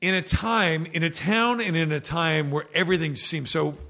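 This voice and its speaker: A man's voice: a little high, moderate pace, pushed and bright. A man chatting casually as a podcast guest, telling stories and often stopping to restart with filler words. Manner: rambling storyteller with frequent fillers and restarts. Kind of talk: casual chat.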